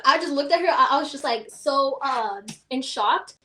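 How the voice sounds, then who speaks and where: A woman from Las Vegas, a podcast guest, telling stories in casual chat, animated and full of laughter and filler words. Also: high voice, moderate pace, slight background noise. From Las Vegas, USA.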